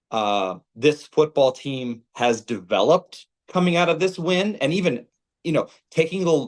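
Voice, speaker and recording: A man with a plain mid-range voice talks through the game as a former player would. He is animated and keeps circling back with fillers and repeated phrases. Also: mid-range voice. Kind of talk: casual sports talk.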